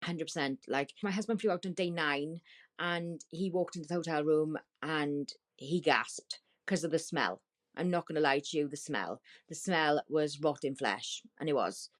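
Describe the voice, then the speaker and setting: A woman guest on a talk show, telling a painful story in a halting, distressed way with many restarts. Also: sits low. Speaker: podcast guest. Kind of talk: emotional storytelling.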